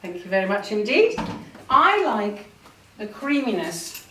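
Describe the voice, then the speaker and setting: A woman's voice: medium pitch, sing-song, a little slow, pushed and bright, a little hiss or hum. A woman hosting a cooking show, chatting enthusiastically as she talks through each step in her home kitchen. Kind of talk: casual cooking demonstration. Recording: roomy kitchen, mic at a distance.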